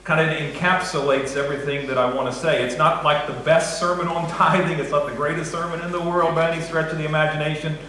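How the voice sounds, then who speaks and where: Man, pastor, conversational sermon, joking, slightly high voice, roomy church hall. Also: fairly even intonation, fast, hardly any pauses, pushed and bright. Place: church sanctuary. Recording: echoey church hall, faint noise.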